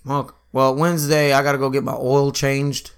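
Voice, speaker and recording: A young man chatting casually, telling animated stories with lots of laughing and swearing. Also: mid-range voice, a little fast, clear, resonant tone. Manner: animated storyteller, laughs often, swears freely. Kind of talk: casual chat.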